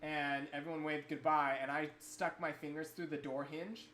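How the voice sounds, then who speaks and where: A livestream co-host with a voice on the high side tells a childhood story at normal speed, animated and rambling, with lots of fillers. The room is echoey and carries faint noise.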